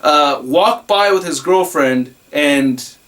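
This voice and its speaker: A man who reviews toys online, excitedly telling a rambling story in a casual vlog. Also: on the high side, slow. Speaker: toy reviewer and YouTuber.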